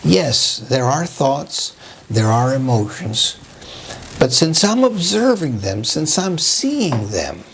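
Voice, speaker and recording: A man giving a slow, reflective spiritual talk, often restarting his phrases and asking "right?" as he works through his thoughts. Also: medium pitch, big pitch swings, gravelly, slight background noise. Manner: slow, searching, with frequent restarts and rhetorical "right?". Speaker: preacher.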